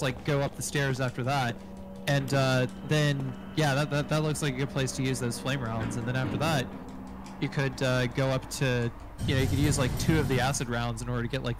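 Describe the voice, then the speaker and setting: A man on a gaming stream explaining speedrun strategy in a rambling way, full of restarts and fillers. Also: mid-range voice. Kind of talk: casual gaming stream chat. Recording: music playing underneath.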